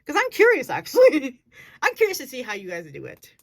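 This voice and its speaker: A woman's voice: high-pitched, huge pitch swings, fairly quick, gravelly. A woman giving a casual acting lesson, earnest and thinking aloud as she restarts her sentences. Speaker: acting vlogger.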